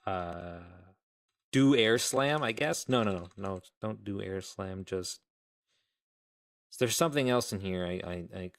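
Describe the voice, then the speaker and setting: Rambling low-voiced man coding on stream. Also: measured pace, clean tone. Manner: rambling, self-interrupting, thinking aloud. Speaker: game developer streaming live. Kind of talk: casual live-stream coding commentary.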